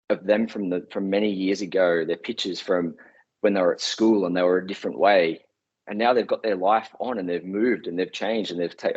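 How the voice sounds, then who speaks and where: A man's voice: low-pitched, slightly rough. A man giving an earnest motivational talk, telling stories in a conversational way. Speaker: public speaker. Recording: dull lo-fi recording.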